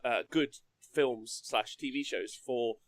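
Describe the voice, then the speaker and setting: A man co-hosting a casual hobby podcast chats in an animated, jokey way and laughs a lot. His voice is medium-pitched and unhurried, and the recording is dry.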